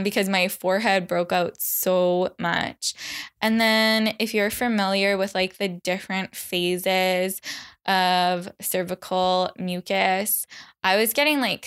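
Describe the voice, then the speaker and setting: Chatty young woman podcast host, slow easy pace, smooth clear voice, says like a lot. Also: a bit bright. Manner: chatty, lots of "like", acts out quotes in a high voice. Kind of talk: solo podcast chat.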